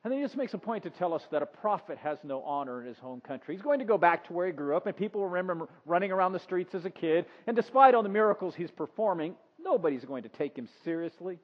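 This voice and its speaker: Fairly high-voiced male preacher. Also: lively intonation, quick pace, hardly any pauses. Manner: conversational, acts out the scene in voices. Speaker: pastor. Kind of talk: sermon. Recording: dull sound with long reverb.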